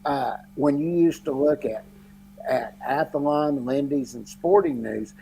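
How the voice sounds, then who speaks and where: A middle-aged man from Texas, co-hosting a casual sports chat and telling animated stories about football drafts. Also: mid-range voice, takes it slowly, a little hiss or hum, rough recording. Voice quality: gravelly, husky. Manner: animated storyteller, quotes others in lively bursts. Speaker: podcast co-host.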